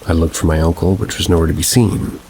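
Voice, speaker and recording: A man with a very low, deep voice reads submitted paranormal stories aloud. He takes his time over each sentence, in an unhurried, measured way. Faint rain patters behind him. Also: steady tone, a little mellow, a little hiss or hum, poor audio. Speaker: narrator. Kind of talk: scripted narration of submitted scary stories.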